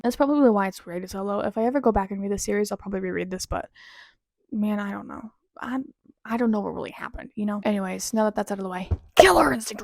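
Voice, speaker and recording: A young woman chatting casually through her monthly book reviews, animated and quick to laugh, swearing now and then. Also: mid-range voice, dry recording, clean studio sound. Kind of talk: casual monthly reading wrap-up.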